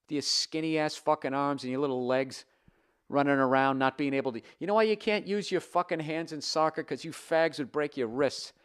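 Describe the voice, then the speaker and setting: A man's voice: a little high, normal speed, clean tone. A man doing a comedy podcast rant, reading an email aloud and tearing into it with sarcastic, profane outbursts. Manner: profane, sarcastic, fired-up ranting.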